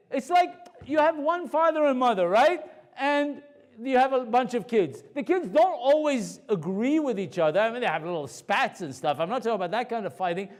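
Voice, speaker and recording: A man, a rabbi, giving a storytelling Torah lecture to a live audience in a conversational, animated way. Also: very high-pitched, moderate pace.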